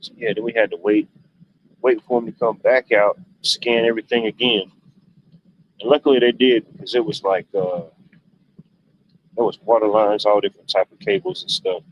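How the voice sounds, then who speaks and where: A man's lowish voice, with fairly even intonation, comes through dull, faintly noisy lo-fi stream audio as he hosts a livestream. He rambles through stories at a moderate pace, pausing often, in a relaxed style with loose, drawling phrasing.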